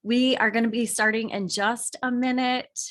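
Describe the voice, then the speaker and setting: Bubbly high-voiced woman host. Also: steady tone, normal speed. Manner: bubbly, greets attendees by name. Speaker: webinar host. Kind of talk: welcoming a video call audience. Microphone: video call.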